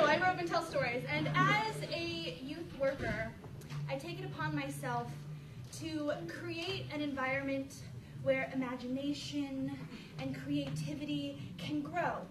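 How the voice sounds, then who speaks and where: A young woman performing a stand-up comedy routine, animated and acting out children's voices and her own. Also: high voice. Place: university venue with live audience. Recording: roomy, distant mic, loud crowd and noise.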